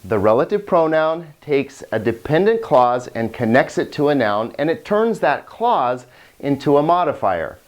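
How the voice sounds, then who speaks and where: A man's voice: on the high side, sing-song, unhurried. Patient male Greek teacher. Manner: patient, repeats and restarts words while explaining; holds a cat while teaching. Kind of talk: recorded grammar lesson.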